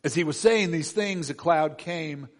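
A middle-aged man preaching a conversational sermon as pastor, with soft asides and gentle quoted lines. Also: a little high, unhurried. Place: church sanctuary. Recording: long hall reverb.

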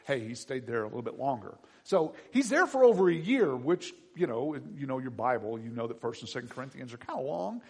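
With a husky, medium-pitched voice, this male pastor preaches in a conversational style. He animatedly acts out quotes and asks his congregation questions as he goes.

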